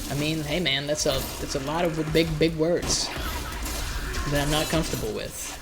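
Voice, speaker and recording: A man's voice: fairly high pitch, fairly even intonation, moderate pace, loud music behind the voice. Loose, irreverent man streaming a game. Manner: loose, irreverent, often repeating words as he restarts. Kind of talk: live gameplay commentary.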